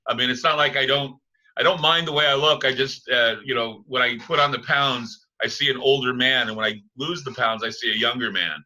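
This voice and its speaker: A man hosting an interview show, chatting casually and pausing often with "uh" fillers. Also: mid-range voice, fairly even intonation, sharp tone, low-quality recording. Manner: halting, with frequent "uh" fillers. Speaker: talk show host.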